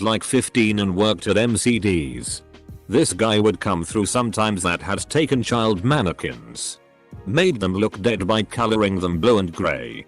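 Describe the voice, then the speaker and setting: A man narrating read-out stories in an even, matter-of-fact way. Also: fairly low pitch. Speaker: narrator reading online posts. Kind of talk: scripted narration.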